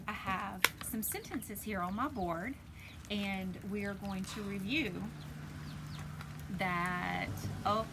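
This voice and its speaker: A woman teaching a phonics lesson to preschoolers, sounding out letters slowly and deliberately, recorded at home. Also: medium pitch. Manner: slow, deliberate, sounds out letters for little kids. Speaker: pre-K teacher. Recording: noisy home video recording.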